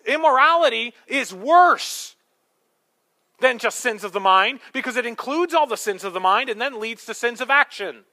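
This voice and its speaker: A man's voice: very high voice, lively intonation, normal speed, sharp tone. A male pastor preaching a sermon, emphatic, with rhetorical questions and humorous asides.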